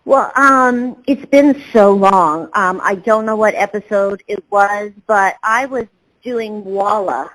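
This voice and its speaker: A woman's voice: mid-range voice, takes it slowly, fairly bright tone, rough recording. A woman, a voice actor, answering interview questions in a rambling way with many fillers and restarts. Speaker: voice actor guest.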